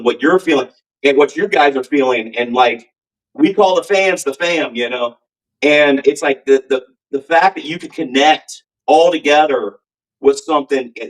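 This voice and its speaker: A man's voice: mid-range voice, distant mic, rough recording. A man who sings in a rock band, telling stories in a casual interview in an earnest, rambling way with many fillers. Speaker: band singer, guest.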